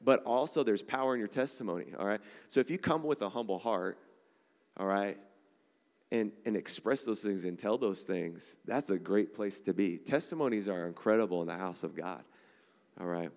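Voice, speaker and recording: A man preaching a sermon to a church congregation, energetic and conversational, often checking in with "all right?" and "amen?". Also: lowish voice, moderate pace, vocal fry. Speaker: pastor. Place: church sanctuary. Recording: long hall reverb.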